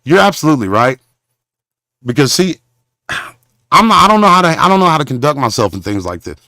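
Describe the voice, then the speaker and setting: A man from Southern hosting a confrontational livestream rant, rambling and halting, with preacher-like condemnations. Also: fairly high pitch, sing-song, pushed and bright, no room sound, studio quality. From Southern Oklahoma. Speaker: show host.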